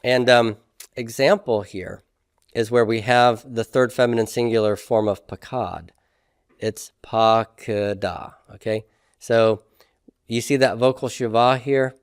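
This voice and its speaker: A man's voice: medium pitch, fairly even intonation, measured pace, clear, resonant tone, no room sound, clean studio sound. A man teaching a classroom lesson on grammar, explaining step by step and often checking in with "okay?" and "right?". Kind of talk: classroom lecture.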